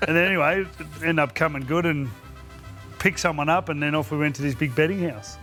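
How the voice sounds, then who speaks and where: A man's voice: fairly high pitch, a little fast, bright, forceful tone, soft background music. A middle-aged Australian man telling rowdy anecdotes in casual chat, laughing as he goes. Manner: laughs through his anecdotes. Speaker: podcast co-host, former player. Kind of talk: casual storytelling.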